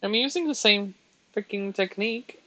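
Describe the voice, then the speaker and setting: A man's voice: sits high, moderate pace, pushed and bright, no room sound, dull audio. A man streaming live, chatting casually while he colours, chatty and self-mocking with frequent giggles.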